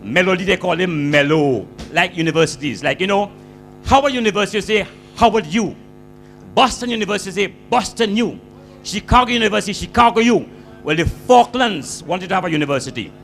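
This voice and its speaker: A Grenadian man doing a stand-up comic monologue in a high, bright voice. He talks in a lilting, animated way and stretches out his punchlines. A little music plays faintly behind him. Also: fairly quick. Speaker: comedian storyteller.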